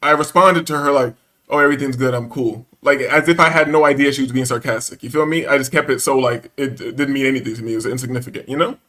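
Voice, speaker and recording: A man's voice: mid-range voice, fast talker, few pauses, pushed and bright. A man telling a story in casual chat, acting out the quotes and laughing often, with profane slangy banter.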